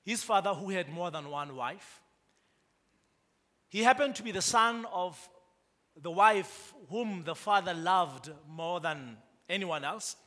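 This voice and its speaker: A man's voice: high voice, animated, slow, sharp tone, big-room sound. A man preaching a sermon to a congregation, prompting them to respond and building to emphatic rises. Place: church.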